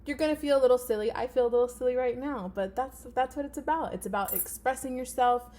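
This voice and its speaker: A woman's voice: sits high, quick pace, a little mellow, a little hiss or hum. A woman teacher giving a casual video lesson to students at home, chatty and encouraging, with frequent "um" fillers.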